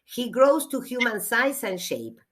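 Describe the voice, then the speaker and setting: A woman, a literature teacher giving a classroom lecture, reading aloud slowly and explaining with hesitations. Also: a little high, big pitch swings, a bit bright.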